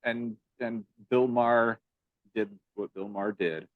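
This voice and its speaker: Give me a deep-ish, wry man co-hosting a movie podcast, with dry, close sound. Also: steady tone, measured pace, no echo, phone-quality sound. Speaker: podcast co-host. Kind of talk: casual movie chat.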